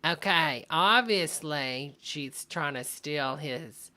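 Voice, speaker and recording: Speaking slowly in a low, bright, forceful voice, a female host reacts to videos on a casual commentary stream. Her talk is chatty and amused, loaded with asides, and slight background noise can be heard.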